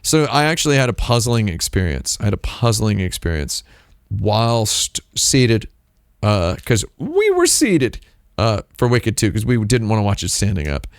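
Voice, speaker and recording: This livestream host has a fairly low, sing-song voice and speaks at a moderate pace in clean, echo-free studio audio. Casual and wry, he rambles and keeps interrupting himself to restart sentences.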